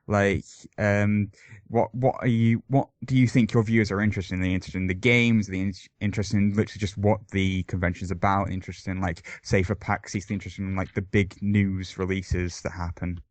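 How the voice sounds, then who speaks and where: Hesitant low-voiced podcast host. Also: male voice, steady tone, fairly quick, dry recording. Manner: hesitant, many fillers. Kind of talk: casual podcast interview.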